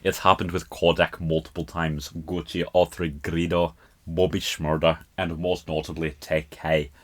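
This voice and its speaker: A man's voice: extremely low pitch, level tone, unhurried. A Scottish man hosting a podcast, casually talking through a rap song and laughing at his own accent. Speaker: podcast host.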